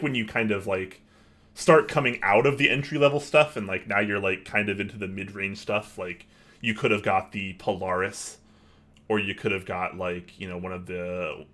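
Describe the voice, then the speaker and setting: A man's voice: on the low side, a bit bright. A man co-hosting an online show, chatting casually and rambling with many fillers while reading viewer questions. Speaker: podcast co-host.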